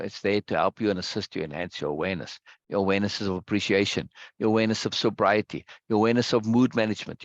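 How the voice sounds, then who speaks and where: A man's voice: mid-range voice, no echo, highs cut off. A man leading a group discussion, speaking emphatically and repeating key phrases for weight.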